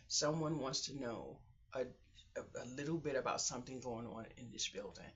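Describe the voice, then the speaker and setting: A woman's voice: rumbling low, moderate pace. A middle-aged woman vlogging from her craft room at home, talking in a rambling, heartfelt way and sometimes dropping to a whisper. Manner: chatty, heartfelt, drops to whispers. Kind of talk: rambling personal vlog talk. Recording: dull lo-fi sound.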